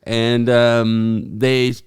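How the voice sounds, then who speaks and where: A man's voice: mid-range voice, level tone, drawn-out words, clean tone. A man who is a comedian guest on a podcast, telling family stories in a rambling way full of "like" and restarts. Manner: rambling, with many "like" fillers and restarts. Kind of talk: casual podcast storytelling.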